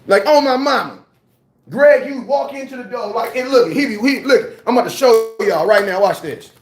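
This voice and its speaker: A man ranting casually about football, slangy and animated, repeating his points. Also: very high voice, normal speed, echoey room. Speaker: sports commentator. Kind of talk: casual sports rant.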